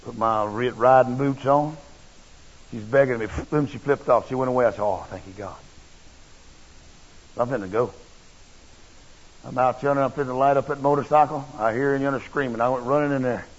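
Preacher guy, husky gravelly voice, folksy and blunt, muffled lo-fi tape. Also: mid-range voice, fairly even intonation, brisk. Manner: folksy, blunt and emphatic, with rough restarts. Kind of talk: sermon with personal storytelling. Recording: dull lo-fi recording.

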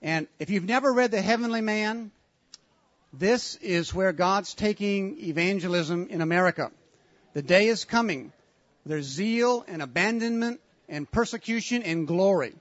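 A man leading a conference breakout session, giving brisk announcements and leading prayer, on a dull, lo-fi recording. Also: sits high, lively intonation, dry recording. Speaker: session leader.

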